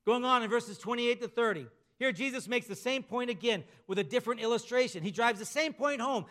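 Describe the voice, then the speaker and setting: A man preaching a sermon, emphatic, slowing down and dropping softer at the ends of key phrases. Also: extremely high pitch. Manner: emphatic preaching with slow drawn-out endings. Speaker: pastor.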